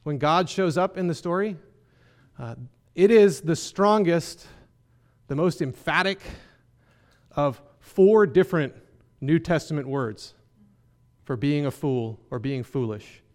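Male pastor, sermon, slow deliberate delivery, slightly high voice, emphatic. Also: animated, a little mellow. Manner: earnest, emphatic preaching with rhetorical questions.

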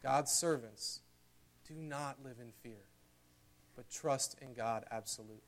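A male pastor delivering a sermon in a church. His voice sits in an ordinary middle range and stays earnest throughout. At the key moments he rises in volume and pitch. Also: a little slow. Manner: earnest preaching, swelling louder and higher at climaxes.

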